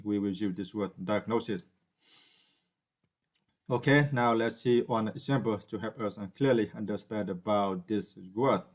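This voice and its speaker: A male English teacher whose first language is Vietnamese explains a word in a slow, halting way, full of "uh" and "um". His voice sits fairly low, and he keeps checking in with his listeners. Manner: hesitant, many fillers and restarts; asks "right?" to check understanding. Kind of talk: unscripted vocabulary lesson.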